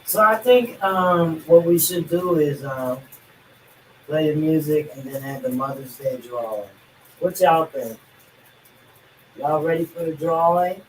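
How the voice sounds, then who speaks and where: A man hosting a casual podcast, talking in a relaxed way with fillers and calling his listeners y'all. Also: on the high side, a little slow, a little hiss or hum. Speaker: podcast host. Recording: echoey room, mic at a distance, faint music.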